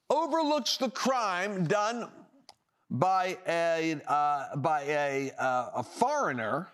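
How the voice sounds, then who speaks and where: A man's voice: a little high, fairly bright tone. Emphatic sarcastic male talk host. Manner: emphatic, sarcastic, with frequent restarts. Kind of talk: opinionated political commentary.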